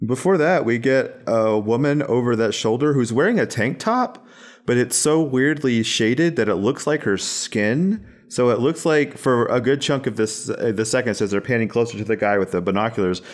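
A man's voice: medium pitch, moderate pace. A man on a casual movie podcast, wryly pointing out odd details on screen. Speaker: podcast co-host.

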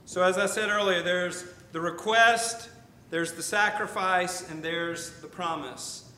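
Older male pastor, conversational sermon with emphatic repeats; slightly high, bright voice in a roomy church. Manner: conversational preaching with asides and emphatic repetition. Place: church sanctuary. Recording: echoey church room with faint rumble.

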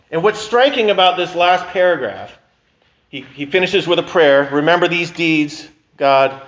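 A man's voice: on the high side, lively intonation, normal speed, a bit bright, highs cut off. A male pastor giving a sermon in a conversational, emphatic way, often restarting his sentences.

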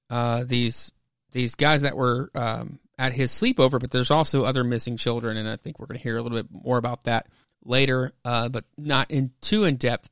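Podcast host, casual rambling recap, mid pitch, dry close sound. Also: male voice, fairly bright tone, clean tone, dry recording. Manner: rambling, many fillers. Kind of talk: casual comic book recap.

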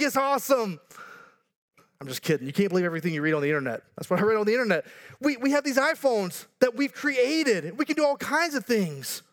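High-voiced man preaching a sermon. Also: fairly bright tone. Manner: earnest preaching, building to emphatic repeated lines, joking asides. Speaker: pastor.

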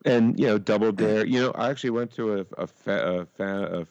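A man's voice: on the low side, brisk, darkish tone, muffled recording. A man co-hosting a podcast, rambling through memories with swearing and half-finished sentences. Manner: rambling, profane, trails off mid-sentence. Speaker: podcast co-host. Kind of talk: casual crude podcast banter.

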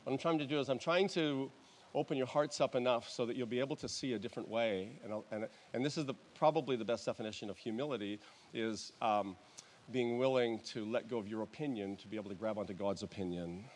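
A male pastor preaching a sermon in a church, in a conversational, halting way with restarts and soft chuckles. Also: mid-range voice, slight background noise.

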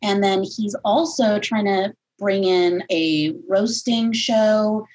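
A chatty woman comedian with a husky, slightly rough voice. She talks loosely and laughs easily, sometimes drifting away from the mic. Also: mid-range voice, fairly even intonation, takes it slowly, darkish tone, poor audio. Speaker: guest comedian. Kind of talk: casual conversation.

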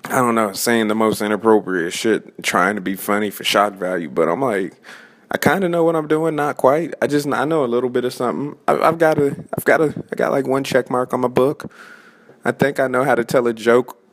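A man in his twenties, an open-mic comedian, delivers a casual, profane, rambling rant in a brisk, medium-pitched voice, frequently restarting his sentences.

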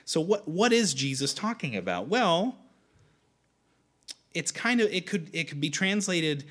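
A man's voice: on the high side, big pitch swings, a little slow, long pauses, a bit bright. A man preaching a sermon in a conversational way, often restarting his sentences. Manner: conversational, with frequent restarts and fillers.

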